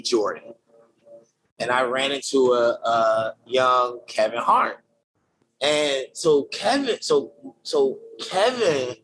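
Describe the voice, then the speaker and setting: A man in a relaxed interview, telling his story in loose, slang-heavy speech with plenty of fillers and false starts. His voice sits in a middle pitch, and a faint hiss runs underneath. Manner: slangy, energetic, many fillers and restarts. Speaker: podcast guest, creative director. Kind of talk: casual conversational storytelling.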